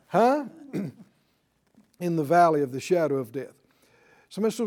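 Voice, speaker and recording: Laughing often and tossing "right?" to the congregation, a pastor delivers a lively sermon at a slow pace with long pauses. His high voice is very animated, jumping up and down as he talks.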